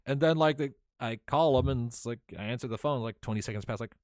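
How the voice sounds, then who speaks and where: A man hosting a casual podcast, recapping a tabletop game he ran as game master, animated and often laughing. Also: mid-range voice, fast, no echo, clean studio sound. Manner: animated storyteller, laughs often, many fillers.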